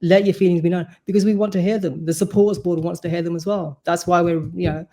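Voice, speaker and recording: Gravelly earnest man, talking at length. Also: sits high, fairly even intonation, quick pace, mellow. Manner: earnest, talkative, explains at length. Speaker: supporters' board vice-chair, podcast guest. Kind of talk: casual podcast chat.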